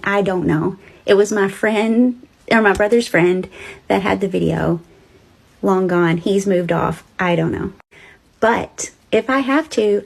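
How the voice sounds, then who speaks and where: A woman's voice: mid-range voice, vocal fry, a little mellow. A woman telling a ghost story in a chatty, dramatic way, talking straight to her listeners. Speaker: storyteller host.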